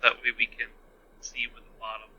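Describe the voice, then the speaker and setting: A man's voice: mid-range voice, completely flat delivery, fairly quick, bright, forceful tone, lo-fi sound. A man playing a tabletop game, describing his character's actions step by step. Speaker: player.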